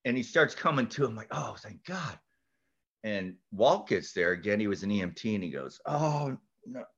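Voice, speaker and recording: A man appears as a guest on a podcast; he's a golf instructor and a fast talker. He tells an animated story, his pitch leaping as he acts out each voice and shouts the big moments. His voice is bright and ringing, but the recording sounds dull and lo-fi.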